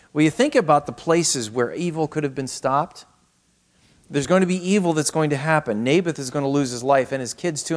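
A man preaching a sermon on a scripture passage, acting out the quoted lines and swinging from raised to hushed delivery. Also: mid-range voice. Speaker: pastor. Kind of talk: expository sermon.

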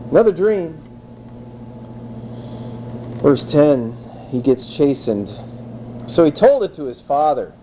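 A man's voice: mid-range voice, unhurried, pauses often, slight background noise, rough recording. Wry, conversational male preacher. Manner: lively, conversational, wry asides. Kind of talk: expository sermon.

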